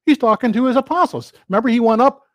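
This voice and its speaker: A man preaching a sermon, quoting scripture and acting out questions and answers in lively back-and-forth. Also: very high-pitched, fast, no echo, studio quality. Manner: animated, quotes scripture and acts out rhetorical dialogue.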